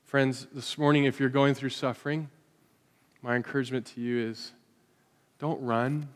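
A man preaching a sermon to his congregation, swinging from loud rhetorical questions to hushed, quiet lines. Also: medium pitch, fairly even intonation, normal speed. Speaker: pastor. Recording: hall reverb.

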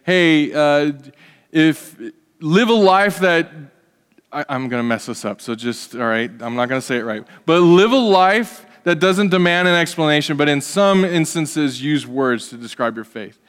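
A man preaching a sermon in a church sanctuary, his fairly high voice ringing through a long hall reverb. He talks to the congregation in a loose, conversational way and drops in humorous asides. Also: normal speed, hardly any pauses, fairly bright tone, clear, resonant tone. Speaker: pastor.

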